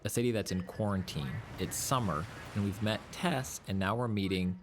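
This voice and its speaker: A low-voiced man narrating a documentary, walking through what happens in the game in a measured way. A faint noise sits underneath. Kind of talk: explanatory commentary.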